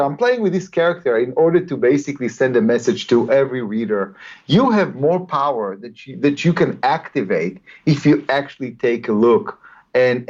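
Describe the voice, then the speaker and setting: A man, a guest author, answering interview questions with animated storytelling, often repeating words as he builds a point. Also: medium pitch. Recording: dull lo-fi audio.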